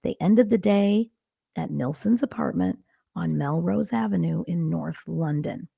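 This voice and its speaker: A woman co-hosting a true-crime podcast, telling the case with wry dark humor. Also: sits low, lively intonation, unhurried, creaky, husky, no room sound, studio quality. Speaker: podcast co-host and storyteller. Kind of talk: casual true-crime storytelling.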